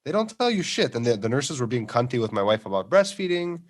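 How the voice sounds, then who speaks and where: Man, podcast guest, animated storyteller, profane, lively pitch. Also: fast talker. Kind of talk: casual chat, storytelling.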